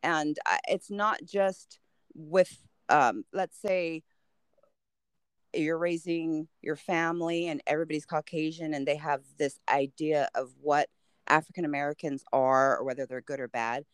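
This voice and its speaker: A woman in her fifties, a podcast guest, talking in an animated, teasing way and laughing often. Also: low voice, measured pace, clean tone, no echo. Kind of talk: casual chat.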